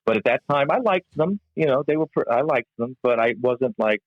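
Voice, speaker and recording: A man, a comedian and musician, telling a backstage anecdote in a podcast interview with laughs and halting restarts. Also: medium pitch, no room sound. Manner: animated storyteller, laughs often, halting restarts. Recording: dull, lo-fi, dry sound.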